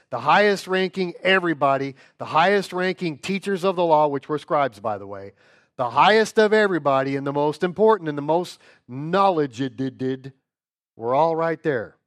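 Male Bible teacher, slightly high voice, animated and joking, keeps asking the class if they follow. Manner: animated, joking, asks rhetorical questions. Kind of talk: informal Bible lesson.

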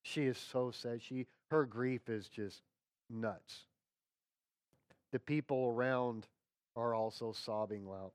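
A man preaching a sermon in a conversational, folksy way, checking in with his listeners and dropping to quiet tones for emphasis. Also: medium pitch, slow, long pauses, dry recording, clean studio sound. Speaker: pastor.

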